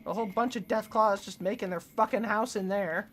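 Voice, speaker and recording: A young woman streaming herself playing a video game, excitable and swearing freely as she talks to the enemies on screen. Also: mid-range voice, brisk. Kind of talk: casual gameplay commentary.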